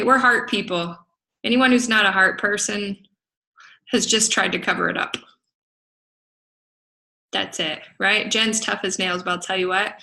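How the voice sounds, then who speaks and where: A woman's voice: medium pitch, creaky, pushed and bright, low-quality recording. A middle-aged woman, a business coach, giving an emphatic motivational talk to a group, laughing often and asking "right?". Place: event venue in Las Vegas.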